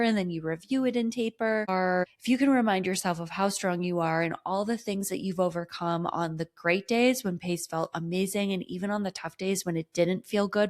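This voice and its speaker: Upbeat woman running coach. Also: fairly low pitch. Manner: upbeat, enthusiastic, motivational. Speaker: running coach and podcast host. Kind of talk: solo podcast talk.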